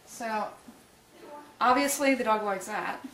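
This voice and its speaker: A woman pet trainer giving a casual demonstration, explaining steps and softly cooing praise at a dog. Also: on the high side, slow. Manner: coos praise at the dog in a soft voice. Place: indoor room with a dog. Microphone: camera mic from a distance. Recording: echoey room, far from camera mic, faint hiss.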